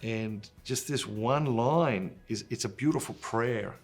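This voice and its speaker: Middle-aged man, gravelly voice, earnest casual scripture reflection, soft music behind. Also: on the low side, slow, few pauses. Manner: earnest, conversational, with fillers and restarts. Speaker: host of a Catholic gospel reflection series. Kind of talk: scripture reading and informal reflection.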